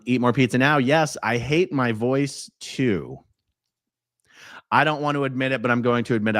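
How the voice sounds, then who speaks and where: Low-pitched man hosting a livestream, relaxed comment reader, dry close mic. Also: no echo. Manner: relaxed, reads comments aloud with small asides. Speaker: livestream host. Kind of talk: casual livestream chat, reading out chat messages.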